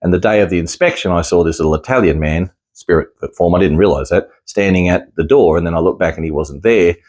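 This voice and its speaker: A deep-voiced man, a bit mellow and talking fast, speaks casually to camera as a psychic medium sharing his experiences. He rambles, frequently restarts sentences, and chuckles easily.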